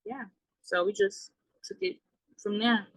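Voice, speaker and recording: A young woman telling a painful personal story in a halting way, with many fillers and trailing words. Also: medium pitch, animated, vocal fry, no echo, poor audio. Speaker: guest. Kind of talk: emotional personal account.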